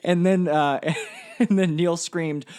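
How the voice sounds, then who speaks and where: A man's voice: on the high side, steady tone, takes it slowly, darkish tone, clean tone. A man in his twenties co-hosting a podcast, telling a rambling anecdote in casual chat, often laughing and full of "like". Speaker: podcast co-host.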